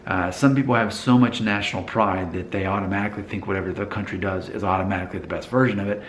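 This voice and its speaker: Low-voiced American man musing casually. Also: steady tone, fast, echoey room, slight background noise. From United States. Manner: thoughtful, hesitant, with many fillers and restarts. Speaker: vlogger. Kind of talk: casual talk to camera.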